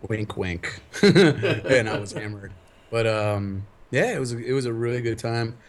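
A man co-hosting a podcast who tells rowdy stories in a loud, giggly, casual chat. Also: medium pitch, unhurried. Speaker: podcast co-host.

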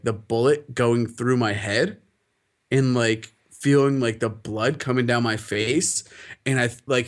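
A young man co-hosting a podcast, telling stories in a profane, animated way and laughing often. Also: mid-range voice. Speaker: podcast co-host. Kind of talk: casual chat.

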